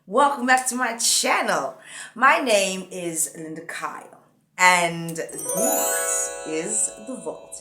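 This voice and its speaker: A woman hosting her channel, opening with an animated, drawn-out greeting. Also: medium pitch. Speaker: channel host. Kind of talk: YouTube channel intro. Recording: echoey room with faint music.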